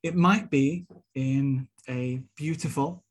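Speaking slowly in a mid-range voice, a young Welshman who is a minister-elect delivers an earnest sermon-style talk built on rhetorical storytelling.

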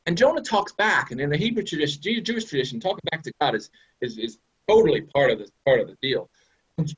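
Husky-voiced minister. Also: male voice, a little high, brisk. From USA. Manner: conversational, animated, frequent "right?" asides. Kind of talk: sermon. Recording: dull lo-fi recording.

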